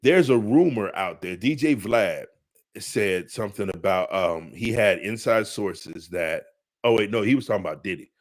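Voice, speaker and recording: A man co-hosting a casual podcast, talking in an animated way, repeating himself and laughing often. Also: lowish voice, normal speed. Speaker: podcast co-host. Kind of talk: casual chat.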